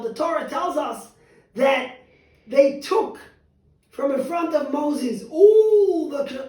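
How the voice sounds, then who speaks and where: A high-pitched man preaches as a rabbi, moving from loud, stressed words to hushed asides. He slows to draw out key phrases as he tells his story. The sound is very echoey and picked up from well back. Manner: animated, stretches key words, switches between loud emphasis and soft asides. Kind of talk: sermon with storytelling. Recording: very echoey, distant mic.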